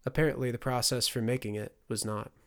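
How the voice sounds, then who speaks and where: A man narrating a fantasy audiobook in a steady storytelling delivery. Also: medium pitch, fast, clean tone.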